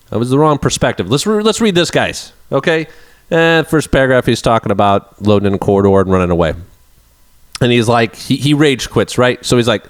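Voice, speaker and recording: A young man, an indie game developer, chatting in a casual vlog, animated and self-mocking as he reads reviews aloud. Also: mid-range voice, brisk.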